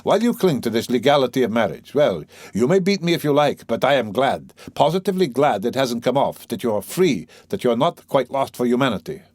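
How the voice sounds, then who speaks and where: A man's voice: medium pitch, big pitch swings, brisk, few pauses, darkish tone, dry recording, studio quality. A man reading the part of a fervent, idealistic young radical, speaking in an earnest, eager, lecturing way.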